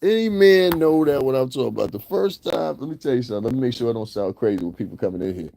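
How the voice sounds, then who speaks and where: A man's voice: mid-range voice, expressive, quick pace, creaky, dark tone, no room sound. A man hosting a livestream, talking crudely and casually to his chat, roasting viewers and laughing often. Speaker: livestream host. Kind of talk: casual profane commentary to chat.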